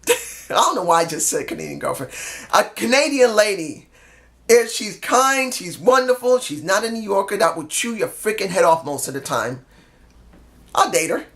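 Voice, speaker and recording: A man's voice: high voice, big pitch swings, normal speed, gravelly, a bit bright. A man giving a casual video review of a wrestling show in a rambling, jokey, self-deprecating way.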